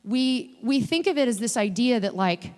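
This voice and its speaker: A woman giving a guest sermon in a chatty, animated way, acting out quoted voices as she talks. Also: fairly high pitch, moderate pace. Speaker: guest preacher. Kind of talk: conversational sermon. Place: church sanctuary. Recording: long hall reverb in a church.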